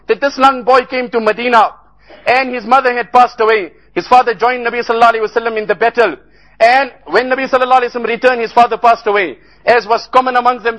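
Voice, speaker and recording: A man's voice: very high-pitched, a bit bright, low-quality recording. A man giving an earnest sermon about a relief trip, telling stories and rising into impassioned appeals. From South Africa. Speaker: Islamic speaker.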